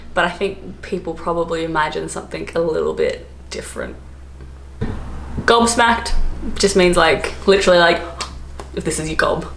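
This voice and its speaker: A young Australian woman vlogs from home during lockdown, giving a casual explainer in a low-ish voice. She's playful and chatty, laughing between points. The room is echoey, with a faint hiss in the background.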